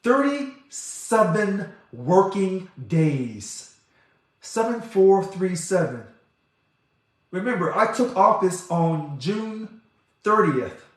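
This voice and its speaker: Man, fairly high voice, fervent address, heavy room echo. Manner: passionate, talks fast and loud when excited. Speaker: organization president. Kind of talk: impassioned monologue. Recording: very echoey room.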